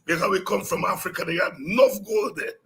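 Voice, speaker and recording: A man hosting a political talk show, telling animated stories and breaking into song. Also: high voice, fairly quick, creaky. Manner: animated storytelling, breaks into singing and shouting. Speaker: show host.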